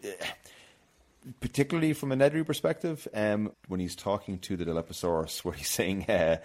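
A man's voice: fairly low pitch, fairly quick, darkish tone. A man hosting a casual film podcast, chatty and loose, often laughing. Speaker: podcast host.

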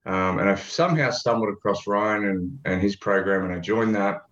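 A man's voice: fairly low pitch, normal speed, fairly bright tone. Laid-back Australian man, echoey lo-fi. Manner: joking, laid-back, swears casually. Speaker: guest, ad consultant. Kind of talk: casual interview chat.

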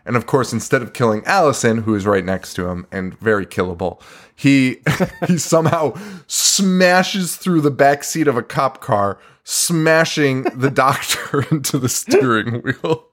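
A man's voice: medium pitch, unhurried. A man co-hosting a podcast, recapping a horror film in casual chat, swearing and laughing often. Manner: profane, laughing, animated retelling. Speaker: podcast co-host. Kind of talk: casual movie review chat.

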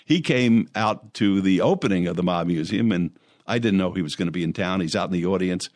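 An older man with a very deep voice, spinning long stories as an interview guest. He wanders through his tales, stopping often on "uh" and restarting his sentences. The sound is dry and close. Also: fairly quick, darkish tone, no echo. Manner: rambling anecdotes with many fillers and restarts. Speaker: interview guest, former lawyer and mayor. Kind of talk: storytelling in conversation.

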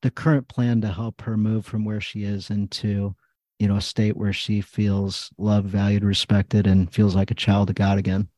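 A man's voice: on the low side, level tone, normal speed, dark tone, dry recording. A man in casual podcast conversation, telling stories and acting out his own prayers and dialogue.

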